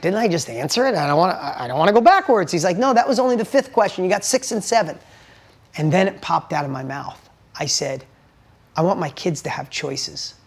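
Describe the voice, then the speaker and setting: A middle-aged man, a motivational speaker, tells a personal story with emphatic swings from hushed to loud, swearing for emphasis. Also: high voice.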